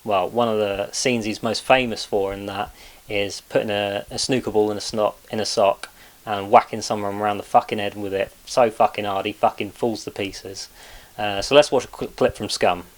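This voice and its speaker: Low-voiced man chatting loosely. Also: steady tone, moderate pace. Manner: loose, chatty, lots of "uh" and swearing. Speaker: video host. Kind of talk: casual narrated video commentary.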